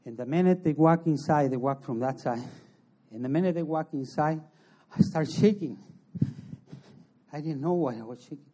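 A man giving an emotional personal testimony as an interview guest, in halting, earnest non-native English. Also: on the high side, warm tone. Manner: emotional storytelling.

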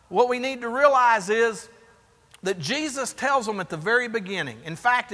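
A man preaching a sermon, asking the congregation rhetorical questions in an animated way. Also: high voice, big-room sound. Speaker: pastor.

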